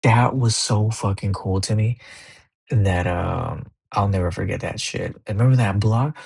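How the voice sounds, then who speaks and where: A young man hosting a casual podcast, telling sports stories in a loose, profane, animated way. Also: on the low side, unhurried, vocal fry, breathy edge. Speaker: podcast host. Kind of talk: casual monologue.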